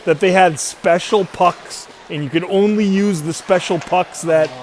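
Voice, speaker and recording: A man's voice: high voice, measured pace, slight background noise. A man doing chatty, rambling commentary on a youth hockey livestream. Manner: rambling, chatty, self-mocking.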